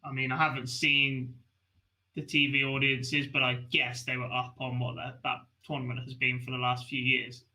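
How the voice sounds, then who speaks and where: A man's voice: mid-range voice, completely flat delivery, normal speed, sharp tone, low-quality recording. A man co-hosting a live darts stream, joking and teasing in casual chat.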